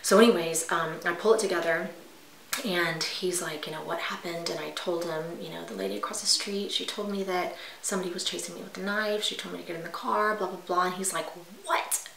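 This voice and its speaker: A woman vlogger telling a personal story in casual storytime style, animated and dramatic, dropping to hushed asides. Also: lowish voice, fairly quick, gravelly, echoey room, rough recording.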